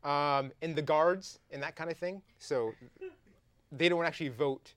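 A man's voice: a little high, unhurried, a bit bright, clean tone, no echo. A young adult man with a Canadian accent, hosting a live comedy talk show and playfully reading viewer tweets aloud. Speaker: host.

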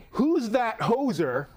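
A man hosting a casual comedy chat show, with a playful, teasing, rambling way of talking. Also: high-pitched. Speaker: podcast host.

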